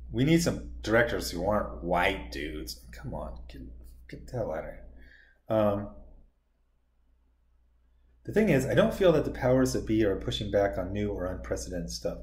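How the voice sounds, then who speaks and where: A man's voice: medium pitch, a little mellow. A man who makes comics giving a casual, rambling, sarcastic opinion commentary. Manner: sarcastic, rambling, mocks others in put-on quotes. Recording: roomy echo.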